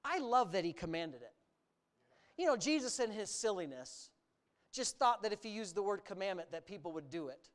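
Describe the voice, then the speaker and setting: In this sermon, the preacher's pitch swoops constantly up and down in a very lively way. Speaking at normal speed, the delivery stays emphatic and animated, with key words drawn out and sarcastic asides slipped in.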